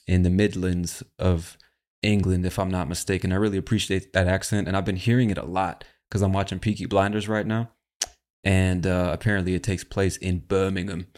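Very low-pitched American male host, casual and slangy, playful teasing. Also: moderate pace, darkish tone. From United States. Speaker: podcast host. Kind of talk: casual chat.

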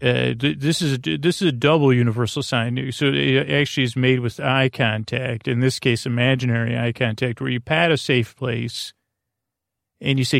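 A man hosting a bedtime podcast, talking in a meandering, self-interrupting way with deadpan jokes and a creaky voice. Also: mid-range voice, moderate pace, no echo, clean studio sound. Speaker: podcast host. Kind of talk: rambling bedtime podcast monologue.

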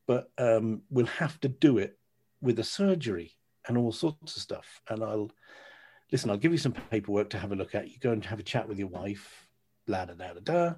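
Podcast guest, man in his thirties, husky voice, candid and animated storyteller. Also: mid-range voice. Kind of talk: casual storytelling.

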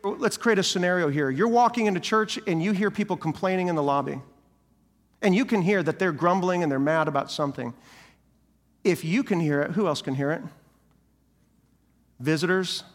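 A man's voice: high-pitched, long reverb tail. A male senior pastor giving a sermon, preaching animatedly and acting out the voices of people he quotes.

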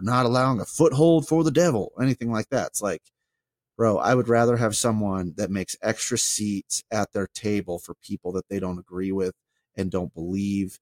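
Man with a low voice, dry close mic, rambling casual chat, animated, restarts a lot. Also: no room sound. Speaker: podcast co-host, former pastor.

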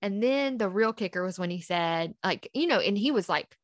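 A woman's voice: medium pitch, lively intonation, moderate pace, no room sound, clean studio sound. A woman, a podcast guest, earnestly recounting a personal story and acting out past conversations in quotes.

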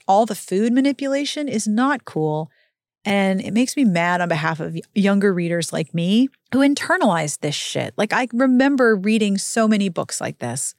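A woman hosting a casual book-recap show, talking in a wry, exasperated way with sudden jumps in pitch. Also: dry recording, clean studio sound. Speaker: podcast host recapping a book.

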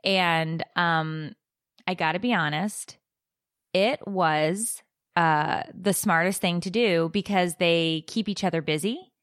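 A woman's voice: fairly low pitch, takes it slowly, clear, resonant tone, dry recording, clean studio sound. A young woman co-hosting a chat show, telling a story with lots of acted-out dialogue. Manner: animated storyteller, acts out quoted dialogue. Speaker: podcast co-host.

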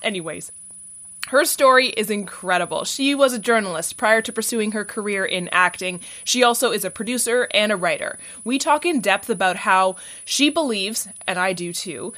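A woman's voice: mid-range voice, lively intonation, moderate pace, pushed and bright, no echo, clean studio sound. A woman with a West Coast Canadian accent, hosting her podcast in a bubbly, chatty, self-deprecating way. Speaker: podcast host. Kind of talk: podcast intro and appeal.

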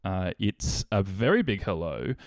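Man, comedy host; dry, teasing, animated pitch, close dry recording. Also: a little slow, dry recording. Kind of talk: casual chat.

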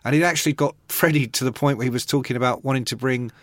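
A man's voice: medium pitch, fast, a bit bright, dry recording. A middle-aged man, telling rock anecdotes in casual chat with dry self-mockery. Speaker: podcast co-host, rock writer.

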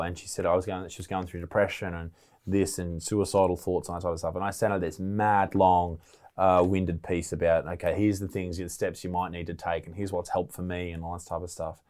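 A young man with an Australian accent talks quickly in a lowish voice. He tells stories loosely, full of filler words and casual swearing. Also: steady tone, a little mellow. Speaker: guest content creator. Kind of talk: casual chat.

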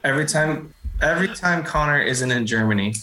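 A man's voice: fairly high pitch, expressive, brisk, pushed and bright, slight background noise. Joking man in an echoey room. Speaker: podcast co-host. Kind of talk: casual sports chat.

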